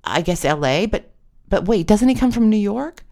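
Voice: medium pitch, lively intonation, moderate pace, darkish tone, no echo, clean studio sound, pitched above the performer's own voice, lightly acted. A storyteller voicing a nervous young woman who stumbles through fillers and restarts. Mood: unsure. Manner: nervous, hesitant, full of fillers.

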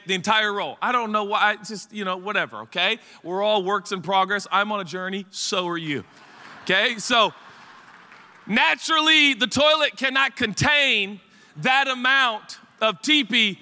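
Man preaching, high bright voice, animated storytelling, church hall reverb. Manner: animated and chatty, rambling asides to the congregation. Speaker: pastor. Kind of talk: storytelling sermon. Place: church sanctuary.

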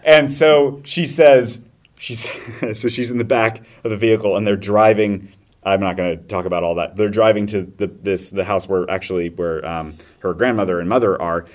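Male podcast host, slightly low voice, lively storyteller who slips into character voices. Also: normal speed. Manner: animated storyteller acting out scenes in voices. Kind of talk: casual movie discussion.

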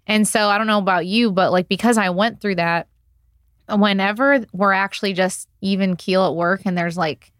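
A woman, an entrepreneur guest on a podcast, speaking in casual chat in an intense, candid way, often quick and swearing. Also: mid-range voice, fairly even intonation, fairly bright tone, no echo, studio quality.

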